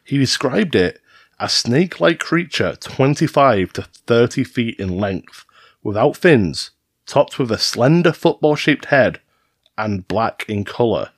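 A man's voice: medium pitch, sing-song, unhurried, breathy edge, no room sound, studio quality. A man hosting a podcast, reading urban legends from a script in a teasing, storytelling manner. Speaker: podcast host. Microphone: studio mic.

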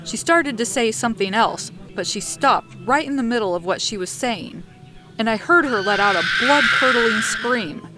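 A woman with a fairly high voice reads a light horror story as a podcast narrator. She tells it dramatically and slows her words for suspense. Soft music plays faintly behind her. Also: expressive.

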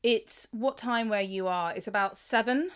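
A woman with a British accent hosting a podcast interview, bubbly and quick with her questions. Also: mid-range voice, over a noisy crowd. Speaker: podcast host.

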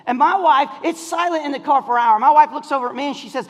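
A middle-aged man preaching a sermon, telling a story in an animated way, often laughing and shouting. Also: extremely high pitch, fast. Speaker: pastor. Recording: long hall reverb.

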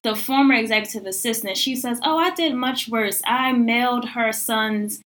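A young woman telling a workplace story in casual podcast chat, full of "like" and acting out other people's lines. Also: moderate pace. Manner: animated, acts out quoted voices with high pitch jumps; lots of "like" fillers.

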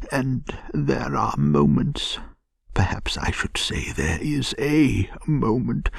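A man voicing a languid, self-pitying male toad who pretends to be gravely ill, in a gentle bedtime storybook reading. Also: medium pitch, no room sound, voice pushed up, heavily acted. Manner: feeble, sighing, melodramatic.

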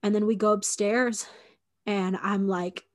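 A woman's voice: mid-range voice, fairly even intonation, unhurried. A woman in her twenties recounting a personal story in casual podcast talk, with lots of "like" and fillers, acting out what people said. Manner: conversational, frequent "like" and fillers, acts out quoted dialogue.

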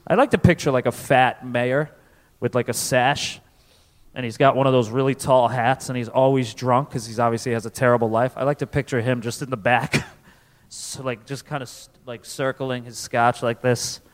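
A man from Connecticut doing live stand-up comedy, animated, profane and self-deprecating, on a festival stage before an audience. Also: mid-range voice, moderate pace. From Connecticut, USA. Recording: reverberant live venue.

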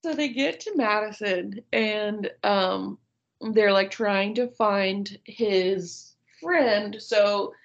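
A woman's voice: medium pitch, extremely slow, gravelly, muffled recording. A woman in her thirties, a podcast co-host, chatting casually and retelling movie scenes with frequent laughs. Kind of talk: casual chat about a movie.

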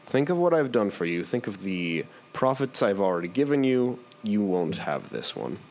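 A man's voice: on the low side, big pitch swings, moderate pace, creaky, a little mellow, slight background noise. A young man playing in a tabletop game, with dry, teasing banter. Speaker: player.

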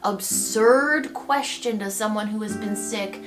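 A woman delivers a devotional Bible teaching at an unhurried pace, reflective and gently expressive. Her voice sits at an ordinary middle pitch, with soft guitar music playing faintly behind her.

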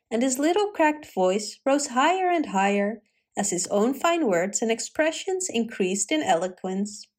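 Woman reading a fairy tale, fairly high. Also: a little mellow. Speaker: storyteller. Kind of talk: fairy tale read-aloud.

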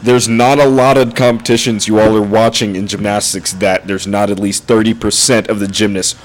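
Laughing man telling animated stories. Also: on the low side, normal speed. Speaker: former gymnastics coach. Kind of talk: casual podcast chat.

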